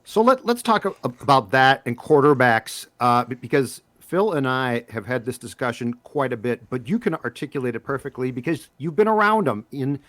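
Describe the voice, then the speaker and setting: Rambling podcast host asking questions. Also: male voice, mid-range voice, animated, normal speed, few pauses, a bit bright, no room sound. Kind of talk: casual podcast interviewing.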